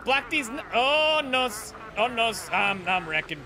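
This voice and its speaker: A man streaming a racing game, commenting excitedly, swearing and yelling at rival drivers. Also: very high-pitched, measured pace, creaky. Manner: excitable, profane, yells at rivals. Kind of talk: gameplay commentary.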